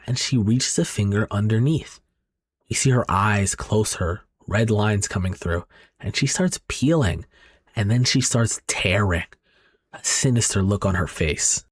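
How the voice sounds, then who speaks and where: A man's voice: on the low side, unhurried, husky, no room sound, clean studio sound. A young man giving casual commentary over a horror manga recap, reacting aloud as he goes.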